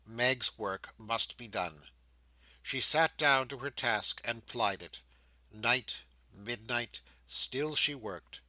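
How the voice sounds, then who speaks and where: A man narrating a classic novel audiobook in a measured, expressive reading. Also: mid-range voice, dry recording, low-quality recording. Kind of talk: scripted narration.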